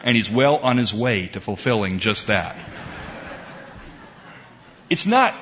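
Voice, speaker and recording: Slow, emphatic male preacher, lo-fi. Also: fairly low pitch, big pitch swings, a bit bright, slight background noise. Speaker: pastor. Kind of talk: sermon.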